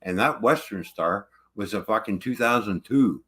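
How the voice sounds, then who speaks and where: Swearing angry man with a bright voice. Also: fairly low pitch, animated, normal speed. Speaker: truck driver. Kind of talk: ranting casual livestream talk.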